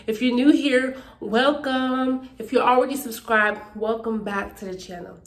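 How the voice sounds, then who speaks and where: A woman's voice: fairly high pitch, normal speed, few pauses, a little hiss or hum. Chatty woman in an echoey room. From Pittsburgh, Pennsylvania, USA. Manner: chatty, emphatic, checks in with "okay?". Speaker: YouTuber. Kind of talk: casual faith testimony vlog.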